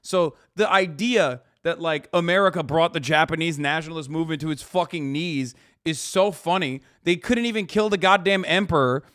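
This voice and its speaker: A man rants and swears through a casual reaction stream, his voice sitting a little high and coming through smooth and clear. The sound is dry and close to the mic, with no room around it. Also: moderate pace, hardly any pauses, no echo. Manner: profane, animated, ranting. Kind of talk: casual commentary.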